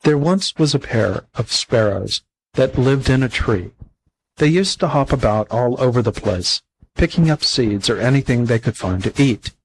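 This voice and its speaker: A man with a husky, slightly breathy voice narrates an old animal fable for a volunteer audiobook. His reading is plain and steady, at an ordinary middle pitch. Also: normal speed, low-quality recording. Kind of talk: storybook narration.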